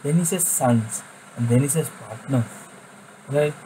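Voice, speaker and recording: A man's voice: medium pitch, measured pace, mellow, slight background noise, poor audio. A man giving an informal Bible study, earnest and conversational, often repeating words as he searches for the phrasing. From India. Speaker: Bible teacher.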